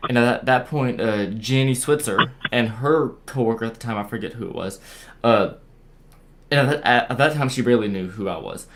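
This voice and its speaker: A young man tells his story in an unpolished, casual way. He stumbles, repeats words and restarts his sentences often. His voice sits at an ordinary middle pitch. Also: brisk, a bit bright, slight background noise. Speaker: guest sharing a paranormal experience. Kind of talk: casual storytelling on a video call.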